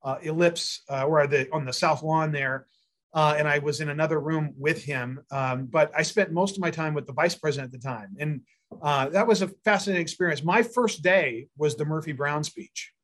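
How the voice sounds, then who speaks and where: A man's voice: a little high, normal speed, a bit bright. A middle-aged man, a mayor and a candidate for prosecutor, answering interview questions with long rambling stories full of fillers and restarts.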